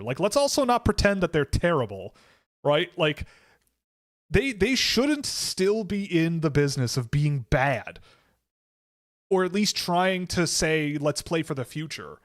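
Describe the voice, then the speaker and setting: A man with a slightly higher voice talks through a casual live stream in a loose, rambling way. He stops and restarts often and fills the gaps with "like" and "um". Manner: rambling, self-correcting, many fillers. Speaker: hockey draft analyst hosting a live stream.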